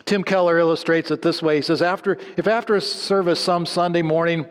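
A man preaching a sermon, swinging between emphatic lines and low, hushed endings. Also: steady tone, fairly quick, clear, resonant tone. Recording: long hall reverb.

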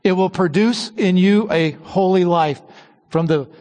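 High-voiced male preacher in a reverberant hall. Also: darkish tone. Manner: slows and drops low on key phrases. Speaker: pastor. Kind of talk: sermon.

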